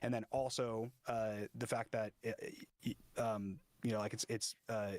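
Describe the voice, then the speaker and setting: A man explaining himself in a livestream discussion, halting and restarting often with many fillers. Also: lowish voice, level tone, a little mellow, no echo. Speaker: interview guest.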